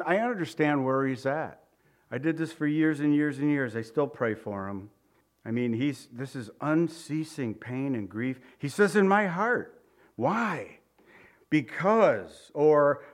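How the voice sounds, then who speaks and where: A middle-aged man preaching a verse-by-verse sermon in an earnest, emphatic way, with personal asides. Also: fairly high pitch. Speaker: pastor.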